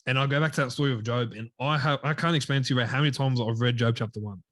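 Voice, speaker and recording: A man co-hosting a casual faith chat, speaking in a heartfelt way that often drops to a quiet voice. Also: mid-range voice, steady tone, rapid-fire, no echo. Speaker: podcast co-host.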